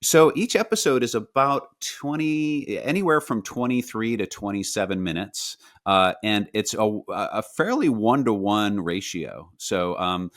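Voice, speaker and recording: A man answering interview questions about his animated series in a casual, halting way, full of fillers and restarts. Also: fairly low pitch, no room sound, clean studio sound. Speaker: guest, animated series creator.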